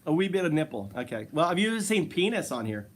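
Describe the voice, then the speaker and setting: A man's voice: a little high, sing-song, fast, crowd noise. A man hosting a casual live stream, chatting with strangers in a playful, teasing way and laughing often.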